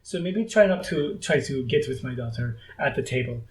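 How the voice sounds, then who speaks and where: A woman playing a tabletop role-playing game, firing off quick, teasing in-character retorts. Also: very deep voice, lively intonation, echoey room. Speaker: player. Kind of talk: improvised tabletop role-play. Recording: faint music behind.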